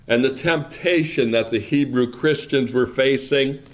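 A man delivers a sermon, reading scripture aloud and then explaining it slowly, deliberately and in a measured way. His voice sits at a medium pitch.

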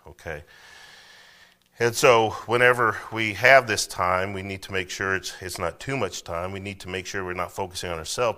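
A man's voice: sits low, pushed and bright. A man preaching a sermon as pastor, conversational, often checking in with "okay?". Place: church.

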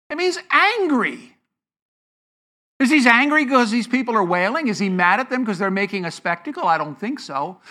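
A pastor preaches to a congregation in church with a medium-pitched voice that sounds pushed and bright. The sermon is built on rhetorical questions that get answered, with key words drawn out for emphasis.

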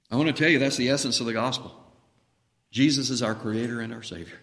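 A man preaching a sermon as pastor, impassioned, dropping to a hush and then rising to a booming voice. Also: fast. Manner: impassioned, swings between hushed and booming when voicing Jesus. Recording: reverberant hall.

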